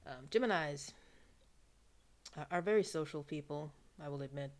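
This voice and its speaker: A low-pitched woman from New York chatting to camera on her own channel. She talks in a loose, wry way, drifting into hushed asides between livelier remarks. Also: normal speed. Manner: chatty, wry, drifts into soft asides and playful put-on voices. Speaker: vlogger. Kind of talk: casual monologue to camera.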